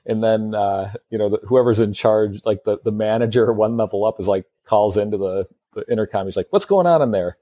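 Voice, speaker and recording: A man's voice: lowish voice, little pitch movement, fairly quick, warm tone, no room sound. A man co-hosting a podcast in casual chat, hesitant and full of fillers. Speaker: podcast co-host.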